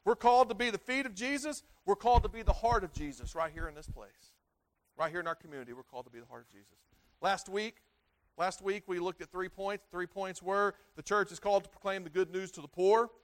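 A middle-aged man delivers a sermon in a high voice. He stumbles and repeats words as he goes, building to loud emphatic peaks and letting phrases sink low at their ends. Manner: halting, repeats words often. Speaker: pastor.

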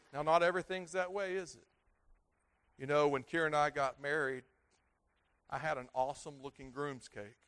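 A man's voice: fairly high pitch, fairly even intonation, normal speed, long pauses, fairly bright tone, clear, resonant tone. A man in his thirties, a pastor preaching a sermon with earnest, repetitive emphasis that swells and falls. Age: 30s.

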